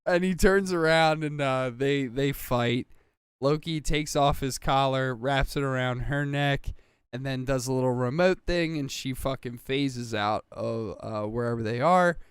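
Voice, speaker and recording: A man's voice: mid-range voice, a little slow, smooth, no echo, clean studio sound. A man casually recapping a TV episode on a podcast, rambling with fillers and acting out quoted lines. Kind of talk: casual chat.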